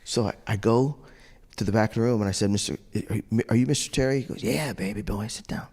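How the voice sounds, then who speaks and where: A middle-aged man telling an animated story to an audience, acting out the voices he quotes and laughing often. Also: fairly low pitch, quick pace. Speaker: trumpet player on a judges panel. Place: large hall. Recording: long reverb of a large hall.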